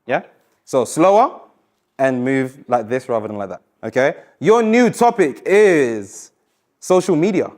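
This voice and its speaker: A man coaching a live public speaking workshop, encouraging and lively, slowing down and dropping his voice to stress points. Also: mid-range voice. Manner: energetic, encouraging, varies pace and loudness for emphasis. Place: university lecture room.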